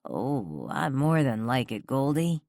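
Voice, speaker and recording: A woman voicing a brooding male lover in a rough, craggy growl, slow and low. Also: sing-song, darkish tone, no echo, clean studio sound, exaggerated voice. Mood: low seductive. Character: husky-voiced man, brooding seductive lover.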